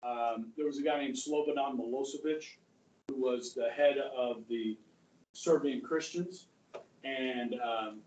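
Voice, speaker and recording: A man's voice: mid-range voice, unhurried, darkish tone. Man lecturing in a roomy classroom. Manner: conversational, asks the class questions, acts out quotes. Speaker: history teacher. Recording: roomy classroom audio from far off.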